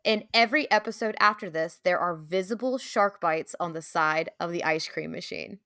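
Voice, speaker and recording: A young woman co-hosts a podcast in an eager, chatty way, with plenty of fillers and frequent laughs. Her tone is bright and forceful, a little low for a woman. The recording is close and dry. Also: moderate pace, dry recording. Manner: enthusiastic, laughs often, many fillers. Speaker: podcast co-host. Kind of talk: casual podcast chat.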